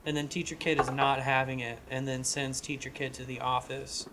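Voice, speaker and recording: Bright-voiced man pitching a script. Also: level tone, normal speed, slight background noise. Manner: rambling, profane, frequent restarts. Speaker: podcast co-host. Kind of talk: casual chat pitching a script.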